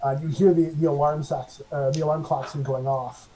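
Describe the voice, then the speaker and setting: Male game master, mellow tone, filler-heavy scene narration. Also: a little high, little pitch movement, a little fast, slight background noise, low-quality recording.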